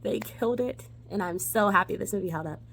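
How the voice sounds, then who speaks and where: Young woman gushing about an old movie, giggly and upbeat, mid-pitched voice. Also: a little fast, fairly bright tone, slight background noise. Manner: bubbly, giggly and enthusiastic. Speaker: movie review host. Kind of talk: casual movie review vlog.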